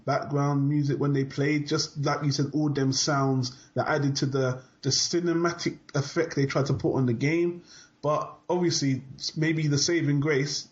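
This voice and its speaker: A man hosting a casual review chat, leading the topics in a relaxed way. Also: medium pitch. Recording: dull lo-fi audio.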